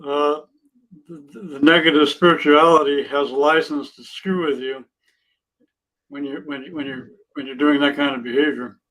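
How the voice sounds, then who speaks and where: A man's voice: fairly high pitch, steady tone, moderate pace, fairly bright tone, rough recording. A man in his sixties, a podcast guest, speaking earnestly and plainly about his life and his faith. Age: 60s. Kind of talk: casual interview chat.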